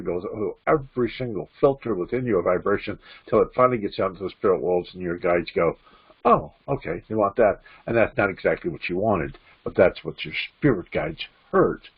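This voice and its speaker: A man's voice: lowish voice, slightly rough, narrow, tinny audio. A man, a spiritualist minister, giving an informal, repetitive spiritual teaching talk and acting out inner voices.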